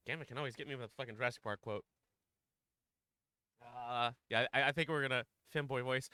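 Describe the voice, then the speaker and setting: A man's voice: medium pitch, fairly even intonation, normal speed, long pauses, bright, forceful tone, smooth, no room sound, studio quality. A man streaming a game live, chatting casually, swearing and laughing as he fumbles for character voices.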